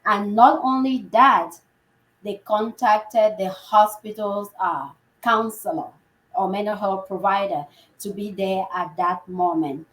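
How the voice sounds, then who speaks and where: A healthcare provider, a woman, telling a story with real animation. She slips into the voices of the people in her tale, and the room adds a noticeable echo around her middle-pitched voice. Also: slow pace. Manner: animated, acts out quoted dialogue. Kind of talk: conversational storytelling. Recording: roomy echo.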